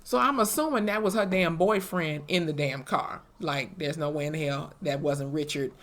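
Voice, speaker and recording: A young woman, recapping a TV episode in an animated, profane way and acting out the characters' lines. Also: low-pitched, normal speed. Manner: animated, profane storytelling with acted-out quotes. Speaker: TV episode reviewer. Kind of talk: casual recap vlog.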